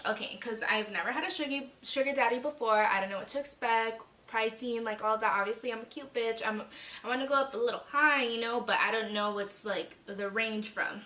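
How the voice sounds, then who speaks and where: A woman's voice: fairly high pitch, animated, a little fast, fairly bright tone. A young woman telling a dramatic, chatty storytime vlog, swearing freely. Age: young adult. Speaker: vlogger. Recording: echoey room, mic a bit far.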